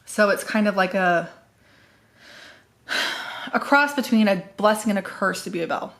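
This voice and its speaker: A woman's voice: mid-range voice, animated, normal speed, gravelly, a bit bright. A woman from the US Northwest, chatting casually as a book vlogger, rambling with fillers and correcting herself as she goes. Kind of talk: casual chat.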